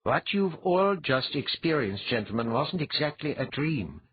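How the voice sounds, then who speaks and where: A man reading an audiobook, voicing a brisk, commanding female goddess who talks in a crisp, no-nonsense way. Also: fairly high pitch, very animated, voice pushed up, full character voice. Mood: explaining. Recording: dull lo-fi.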